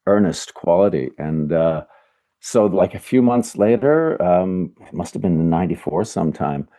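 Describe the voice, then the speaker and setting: Deep, mellow older man, earnest. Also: lively intonation, moderate pace. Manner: earnest, searching for words. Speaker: voice actor guest. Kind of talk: reflective interview answers.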